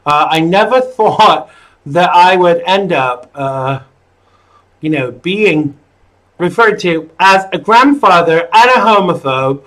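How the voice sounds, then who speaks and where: A man's voice: fairly high pitch, animated, slow pace, fairly bright tone, poor audio. An American man in his thirties hosting a live call-in political talk show, opinionated and full of "uh" fillers. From United States. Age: 30s. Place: home studio in the UK.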